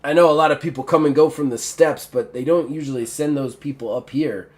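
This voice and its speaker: A man's voice: fairly high pitch, brisk, natural voice. A chummy, overfamiliar human guard who talks in a loose, friendly, slightly boastful way, as a man plays him at the table. The voice stays close to an everyday man's speech.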